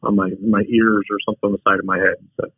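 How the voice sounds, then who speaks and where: A man's voice: lowish voice, little pitch movement, rapid-fire, husky, no room sound. A man telling a frank personal story as a podcast guest, a take-charge talker who often restarts his sentences. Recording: tinny phone-like line.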